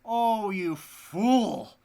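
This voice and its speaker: A man voicing a cold, scheming stepmother in a storybook reading, loud and scolding. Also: medium pitch, expressive, extremely slow, gravelly, voice pushed up, full character voice. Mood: scornful.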